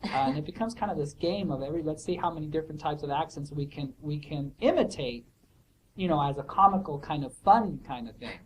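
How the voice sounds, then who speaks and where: A man's voice: on the high side, lively intonation, brisk, slight background noise, low-quality recording. A man answering student questions in a casual academic way, thoughtful and hesitant, with many fillers and restarts. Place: office hour recording.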